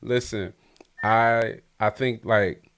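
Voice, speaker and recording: A man from Detroit hosting a casual podcast interview, energetic and joking, often repeating his words. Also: fairly low pitch, takes it slowly, smooth. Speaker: podcast host.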